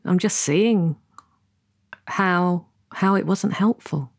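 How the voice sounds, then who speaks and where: A woman's voice: fairly low pitch, takes it slowly, creaky, slightly rough, dry recording, studio quality. Tearful, hesitant woman. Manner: hesitant, reflective, soft. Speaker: guest in therapy session.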